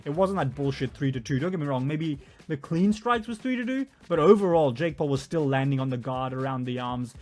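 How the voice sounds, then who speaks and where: A young man venting in a heated, profane casual rant, his loudness swinging from mutters to shouts. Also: on the high side, animated, a little fast, hardly any pauses. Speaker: vlogger.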